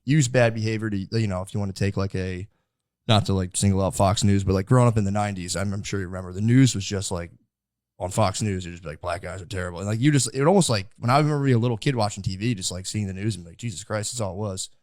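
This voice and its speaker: Fast-talking rambling man, low voice. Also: darkish tone, dry recording, clean studio sound. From United States. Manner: rambling, filler-heavy with many likes. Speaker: podcast host. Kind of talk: casual podcast interview.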